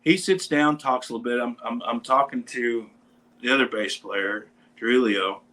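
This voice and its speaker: A man with a middle-pitched voice tells a long rock-and-roll anecdote in a relaxed, rambling chat. He is animated and jumps between his own words and the voices of the people in his story. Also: normal speed, rough recording. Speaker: podcast host; bass player in a metal band.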